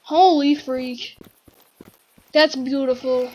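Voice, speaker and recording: A woman giving excitable gaming commentary, full of gasps and exclamations. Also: high voice, slow, muffled recording. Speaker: gamer.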